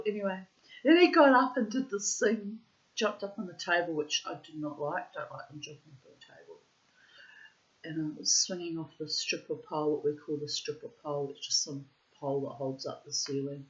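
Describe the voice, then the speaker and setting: A middle-aged woman, telling a rambling anecdote in casual chat, full of asides. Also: deep voice. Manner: chatty and rambling, with frequent asides. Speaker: storyteller. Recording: dull lo-fi recording.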